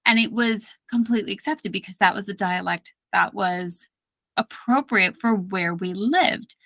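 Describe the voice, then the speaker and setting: Bright-voiced Brooklyn-accented woman, dry sound. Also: mid-range voice, normal speed, creaky, dry recording. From Brooklyn, New York. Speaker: speech therapist guest. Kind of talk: podcast interview.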